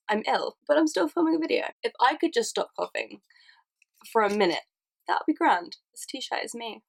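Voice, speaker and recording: A young woman vlogging with a hoarse, croaky voice from a cold, chatty, self-mocking and sweary. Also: on the high side, sing-song, normal speed. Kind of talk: casual chat to camera.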